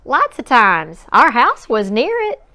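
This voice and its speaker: A woman's voice: on the high side, wildly swooping pitch, measured pace, sharp tone, voice pushed up, full character voice. A woman voicing a friendly young schoolboy in a read-aloud storybook, speaking earnestly and matter-of-factly. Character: boy, young, friendly new classmate.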